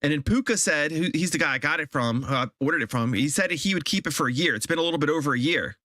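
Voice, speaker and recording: A man's voice: on the high side, lively intonation, fast talker, bright, forceful tone, no room sound, studio quality. A man live-streaming a game, chatting casually with viewers and ranting in exasperation, often repeating himself.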